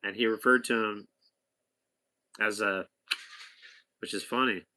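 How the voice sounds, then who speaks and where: A man's voice: on the low side, fairly even intonation, measured pace, pushed and bright. A man casually telling a rambling anecdote to a companion, chatty, with asides and restarts. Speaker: storyteller talking to a companion.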